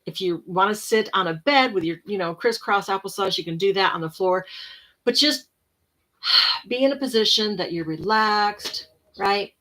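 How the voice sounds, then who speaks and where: A tired-sounding woman with a medium-pitched voice gives a relaxed, rambling self-help talk, occasionally dropping into soft, whispered breathing cues. The audio quality is poor.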